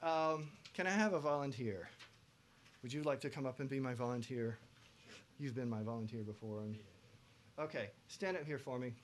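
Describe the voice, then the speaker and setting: A man teaching a pop vocal production masterclass to students, lively, breaking into loud sung examples. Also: mid-range voice, moderate pace, slight background noise. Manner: animated, belts out sung examples.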